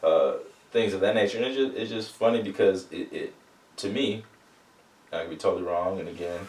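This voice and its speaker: A coach co-hosting a casual sports podcast, with a somewhat low voice. He argues his case earnestly and asks pointed questions. He sounds a little distant from the mic, in an echoing room. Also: fairly quick, a little mellow.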